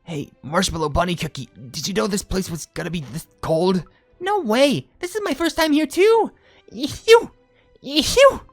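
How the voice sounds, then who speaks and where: Brief: bouncy game-cutscene cookie girls, lively and bright. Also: mid-range voice, a little slow, no echo, soft background music. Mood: playful. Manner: perky, bouncy. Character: bubbly young female cookie characters.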